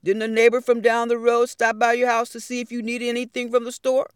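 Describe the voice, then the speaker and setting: A woman storyteller voicing the Lord, gently scolding with a string of patient questions. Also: a little high, monotone, brisk, smooth, no room sound, studio quality, voice pushed up, lightly acted. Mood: chiding. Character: the Lord, a calm patient heavenly voice.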